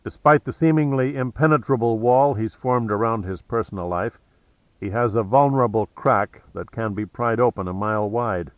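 A man reading an audiobook plays a wry, cocky male adventurer who stays cool under threat, mocking and deliberate. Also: on the low side, dry recording, narrow, tinny audio, lightly acted.

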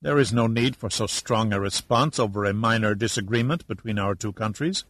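A man voicing a smooth, evasive official. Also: lowish voice, a little fast, no echo. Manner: calm and smooth, impervious.

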